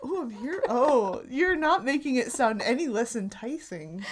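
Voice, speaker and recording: Woman in her forties, podcast co-host, high voice with lively swings, laughs a lot. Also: unhurried, slight background noise. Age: 40s. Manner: laughs often, playful and excitable. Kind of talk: casual chat.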